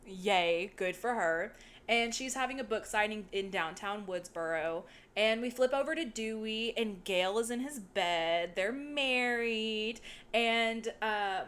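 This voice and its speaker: A woman's voice: medium pitch, expressive, a little slow, fairly bright tone. Chatty young woman podcast co-host. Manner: chatty, laughs often, swears casually. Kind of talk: casual chat recapping a movie.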